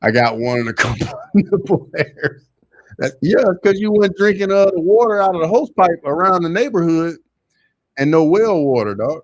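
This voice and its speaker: A young man with a Southern accent, hosting a casual livestream and reading chat, loose and slangy, jumping to loud excited bursts. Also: high voice, normal speed, dry recording, studio quality.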